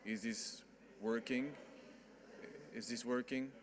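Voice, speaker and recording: A man running a casual sound check at a conference lectern, talking haltingly with restarts while testing the microphone from a short distance. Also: medium pitch, steady tone, background noise. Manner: halting, with many restarts and fillers. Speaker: event organizer testing microphones.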